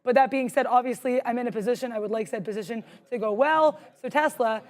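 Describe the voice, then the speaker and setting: A young woman co-hosting a live trading stream, chatty and self-deprecating, jittery with adrenaline. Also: fairly high pitch. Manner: fast, bubbly, self-deprecating. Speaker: co-host and day trader.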